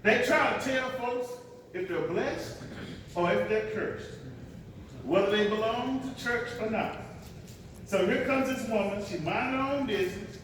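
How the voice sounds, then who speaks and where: A man preaching a sermon as pastor, swinging between hushed asides and loud dramatic bursts and repeating "watch this" as a refrain. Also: sits high, unhurried, a little hiss or hum. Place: large church sanctuary. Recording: echoey hall, picked up from a distance.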